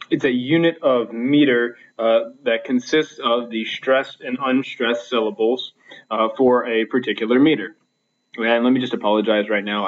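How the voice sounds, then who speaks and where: A male teacher records a slideshow lecture at home, his pitch sitting in the middle range. He explains patiently, with plenty of fillers and restarts. The laptop mic gives a slightly dull, muffled sound.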